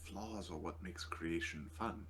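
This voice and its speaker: A man's voice: sits low, a little slow, a bit bright, a little hiss or hum, pitched below the performer's own voice. A man voicing a druid adventurer in a wry, joking way.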